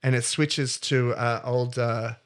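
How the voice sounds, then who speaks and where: A man's voice: medium pitch, steady tone, takes it slowly, clean tone. A man co-hosting a comedy podcast, retelling a story in a playful, rambling way. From not American. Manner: playful, rambling, self-interrupting. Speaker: podcast co-host.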